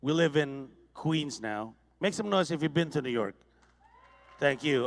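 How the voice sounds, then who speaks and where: High, gravelly Indonesian comedian on stage. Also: male voice, very animated, moderate pace. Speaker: stand-up comedian. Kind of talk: stand-up comedy set. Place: large conference hall with audience.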